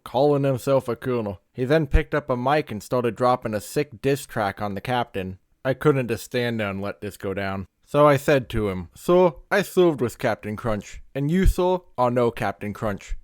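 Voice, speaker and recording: A man's voice: medium pitch, no echo, clean studio sound. A man hosting a comedic cereal ranking, rambling into absurd tangents with mock-dramatic delivery. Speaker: comedic video host.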